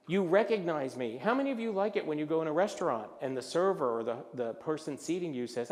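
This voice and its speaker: A man giving a business presentation at a luncheon, animated and jokey, acting out little voices as he talks. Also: a little high, quick pace, big-room sound. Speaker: luncheon speaker. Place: event hall.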